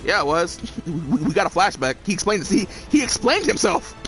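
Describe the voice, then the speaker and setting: A man's voice: sits high, brisk, faint music behind. A man ranting casually about a story he watched, swearing often and laughing between lines. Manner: profane, laughing, animated. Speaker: video creator. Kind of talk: casual rant.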